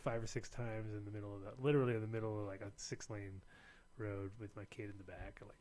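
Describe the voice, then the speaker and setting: A man's voice: fairly low pitch, steady tone, very fast, a bit bright. An American man hosting a show, rambling through a casual story, often laughing and putting on other people's voices. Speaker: show host. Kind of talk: casual chat.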